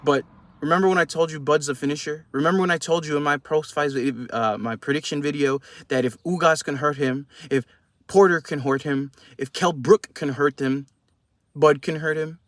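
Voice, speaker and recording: A man's voice: a little high, fairly even intonation, normal speed, fairly bright tone, no room sound. A young man giving heated, profane post-fight boxing commentary in a casual vlog. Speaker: boxing vlogger.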